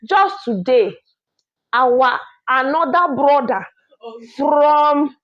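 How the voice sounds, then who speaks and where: A woman's voice: high-pitched, lively intonation, extremely slow. A woman with a Nigerian accent, a vlogger, opening her channel with chatty, opinionated commentary. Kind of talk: reaction commentary. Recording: dull lo-fi recording.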